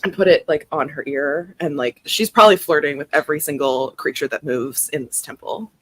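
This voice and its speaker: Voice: mid-range voice, fairly quick, a bit bright, dry recording, poor audio. A player chatting casually and playfully about her character's pampering. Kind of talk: casual chat.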